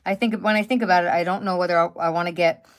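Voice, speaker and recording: A woman in her fifties hosts a craft channel live stream from home by a wood stove, speaking very fast in a lowish, clear, resonant voice with fairly even intonation. Her casual stories ramble along with plenty of fillers and restarts.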